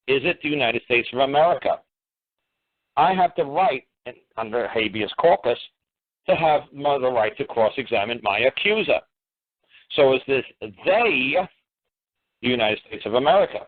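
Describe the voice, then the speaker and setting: Blunt guy on a radio show grilling folks with question after question, tinny phone-line sound. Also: mid-range voice. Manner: combative, hammering rhetorical questions; blunt, swears. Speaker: radio talk show host. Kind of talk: lecturing on a call-in radio show.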